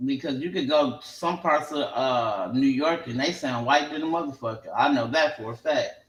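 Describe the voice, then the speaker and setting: A man's voice: mid-range voice, normal speed, a bit bright, echoey room, rough recording. A man from Chicago chatting casually on an open panel, joking and slangy. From Chicago, Illinois. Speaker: panel participant. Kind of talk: casual chat.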